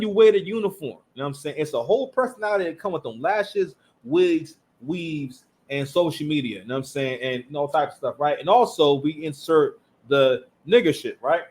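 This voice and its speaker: A man hosting a reaction commentary, animated and emphatic, talking in street slang. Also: fairly high pitch. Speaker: commentary channel host.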